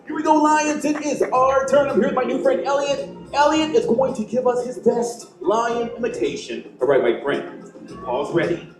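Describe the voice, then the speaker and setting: An actor playing a cocky, playful troupe member who hypes the crowd at a live outdoor show. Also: male voice, very high-pitched, lively intonation, moderate pace, faint music behind. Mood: hyped. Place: outdoor theme park stage through loudspeakers. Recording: echoey amplified live stage sound.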